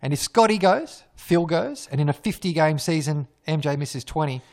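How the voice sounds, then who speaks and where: Aussie guy chatting sports on a podcast, a bit high-pitched, teasing and laughing a lot. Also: expressive, darkish tone. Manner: jokey, teasing, quick to laugh. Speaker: podcast co-host. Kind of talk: casual sports chat.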